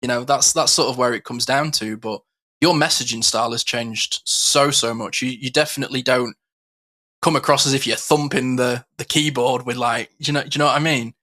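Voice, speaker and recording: A man's voice: medium pitch, steady tone, a little fast, sharp tone. A man co-hosting a podcast, chatting casually and acting out the exchanges he describes. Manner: chatty, acts out quoted exchanges, frequent fillers. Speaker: podcast co-host.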